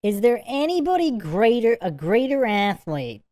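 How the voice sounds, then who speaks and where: A woman's voice: a little high, sing-song, a little slow, dark tone, no room sound. A woman hosting a casual livestream, giving a rambling reaction commentary on a sports clip and breaking into laughter again and again. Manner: giggly, keeps breaking into laughter; rambling, repeats itself. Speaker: livestream host.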